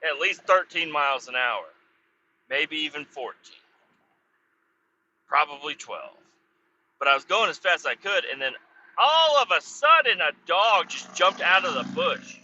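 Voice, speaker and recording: A man's voice: a little high, a little slow, pauses often, bright, forceful tone, slight background noise. A man hosting a podcast, telling a meandering story in a casual way, swearing often and correcting himself as he goes. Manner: profane, meandering, self-correcting. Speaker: podcast host. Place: outdoors beside a road. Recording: slightly muffled, dull recording.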